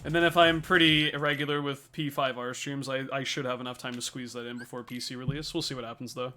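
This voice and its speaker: A man's voice: medium pitch, steady tone, quick pace, pushed and bright, soft background music. A young man streaming a speedrun, chatting casually as he thanks viewers and explains his game tactics. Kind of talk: casual livestream chat while speedrunning.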